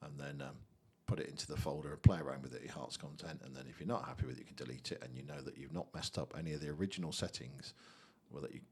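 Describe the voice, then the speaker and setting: A man casually walking through a software tutorial, chatty and thinking aloud. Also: a bass voice, very fast, creaky, few pauses, breathy edge. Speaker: tutorial host.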